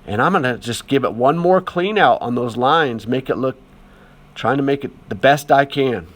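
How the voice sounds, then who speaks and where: A man's voice: medium pitch, lively intonation, moderate pace. Male art teacher with a mid-range voice, chatty, easygoing voice-over. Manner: chatty and encouraging, lots of fillers. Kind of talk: casual voice-over demonstration.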